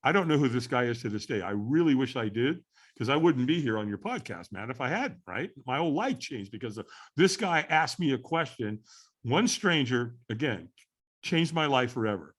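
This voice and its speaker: A middle-aged man, a podcast guest, tells a story with animated repetition. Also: medium pitch, normal speed. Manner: animated storyteller who repeats phrases for effect. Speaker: podcast guest, firewalking instructor.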